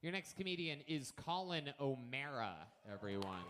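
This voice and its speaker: A man's voice: mid-range voice, normal speed, noisy background. A man hosting a live comedy show, teasing and mocking a guest with crude jokes.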